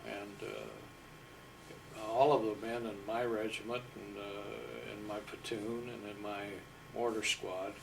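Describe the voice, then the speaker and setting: An older man from Iowa, a war veteran, unhurriedly recounting his service with fillers and pauses. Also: on the low side, flat delivery, vocal fry, distant mic, noisy background. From Iowa, USA. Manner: unhurried, humble storyteller with fillers. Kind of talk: storytelling interview.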